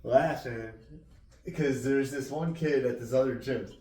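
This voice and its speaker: A man's voice: medium pitch, measured pace, mellow, a little hiss or hum. Casting: male podcast co-host, joking and profane, roomy far-off sound. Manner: laughs often, swears freely. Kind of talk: casual banter. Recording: roomy sound, distant mic.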